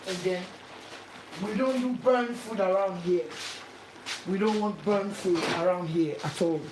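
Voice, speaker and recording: A woman's voice: medium pitch, measured pace. Woman, home cook, step-by-step instructions, repeats herself, echoey kitchen, sizzling pan behind. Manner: instructive, repeats steps over and over. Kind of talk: cooking demonstration. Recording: echoey kitchen with frying noise.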